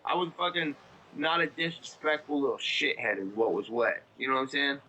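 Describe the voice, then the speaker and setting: A man's voice: mid-range voice, fairly even intonation, fairly quick, pushed and bright, slight background noise, poor audio. A man in his thirties giving a casual interview, talking in a blunt, profane, rambling way. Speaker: interview guest.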